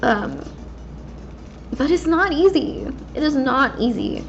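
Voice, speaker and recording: A woman's voice: high-pitched, lively intonation, slow pace, gravelly. A woman in her twenties talking candidly and casually while she plays a game, rambling with many fillers. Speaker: gaming vlogger. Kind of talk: casual personal talk while gaming. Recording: slightly dull lo-fi mic with faint background hiss.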